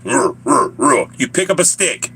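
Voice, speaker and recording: A man with a Southern US accent talks casually to his live stream audience, joking, rambling and breaking into laughter. His voice is bright and lively, swinging up and down in pitch. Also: drawn-out words, husky.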